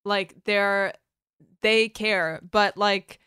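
A woman chatting casually, self-deprecating and quick with her stories. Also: medium pitch, steady tone, sharp tone, clean tone, dry recording, studio quality. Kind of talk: casual podcast chat.

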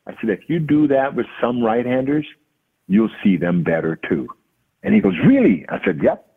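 Husky man telling a story on a phone line. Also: lowish voice, sing-song, normal speed. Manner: acts out quoted dialogue. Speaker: podcast guest, hitting coach. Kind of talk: animated storytelling.

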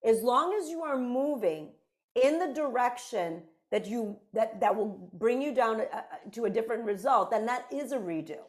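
A woman's voice: fairly high pitch, lively intonation, normal speed. Earnest woman co-hosting a chat. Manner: earnest and reflective, lists points. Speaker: podcast co-host; parent. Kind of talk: casual conversation.

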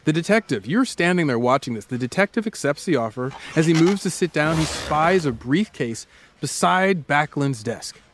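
Playful higher-voiced man telling a story. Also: expressive, fairly bright tone, slight background noise. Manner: playful, dramatic storyteller with slowed scene narration. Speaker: podcast host. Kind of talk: storytelling true-crime chat.

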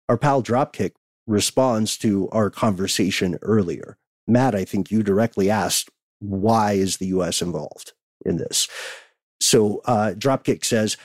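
A man's voice: lowish voice, darkish tone, no room sound. A man hosting a podcast, reading listener letters aloud and chatting casually, often laughing.

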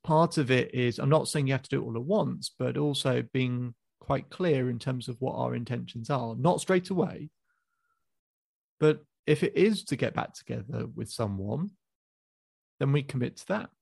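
A man coaching a client in a calm, probing session over a call, with frequent restarts. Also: mid-range voice, normal speed, creaky, slightly rough, no room sound. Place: video call.

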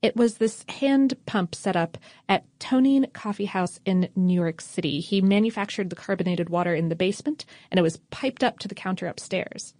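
A woman's voice: medium pitch, normal speed, hardly any pauses, a little mellow, no room sound, studio quality. A woman co-hosting a casual history podcast, reading out facts with wry offhand asides. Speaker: podcast co-host.

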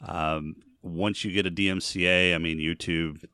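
A man's voice: deep voice, steady tone, normal speed, sharp tone, clean tone, no echo, studio quality. A man co-hosting a gaming podcast, explaining points earnestly in casual chat. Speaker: podcast co-host.

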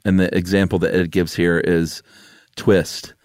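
Give me a deep-voiced man chatting and laughing on a podcast. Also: level tone, unhurried, darkish tone, dry recording, studio quality. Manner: laid-back, laughs often, teasing. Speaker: podcast co-host. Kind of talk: casual chat.

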